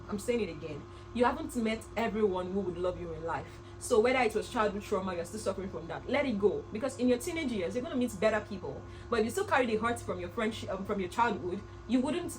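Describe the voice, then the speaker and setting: A young woman in her twenties, a vlogger telling a personal story to camera in an earnest, animated way. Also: medium pitch, slight background noise, low-quality recording. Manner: earnest, animated, with laughs and reenacted quotes.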